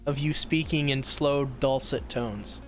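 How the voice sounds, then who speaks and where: A man co-hosting an anime podcast, teasing the others and reading out show announcements in an animated way. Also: medium pitch, measured pace, soft background music. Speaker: podcast co-host. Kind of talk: casual chat.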